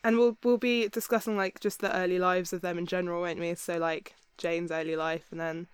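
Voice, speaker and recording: A young woman with a southern English accent co-hosts a podcast, chatting in a relaxed way with quick asides. Her voice is smooth and clear, recorded dry and close. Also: lowish voice, dry recording. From southern England. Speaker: podcast co-host. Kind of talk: casual chat.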